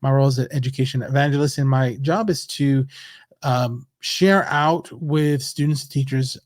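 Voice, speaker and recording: A man's voice: mid-range voice, steady tone, normal speed, no room sound, studio quality. A man from California hosting a casual livestream lesson, chatty and upbeat, greeting viewers by name. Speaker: livestream host, education evangelist. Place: home office in Texas.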